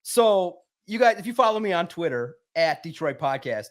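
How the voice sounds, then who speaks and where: A high-energy man, a sports writer guest, telling a lively story and acting out the voices in it. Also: moderate pace. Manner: high-energy, acts out quotes loudly. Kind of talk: animated storytelling.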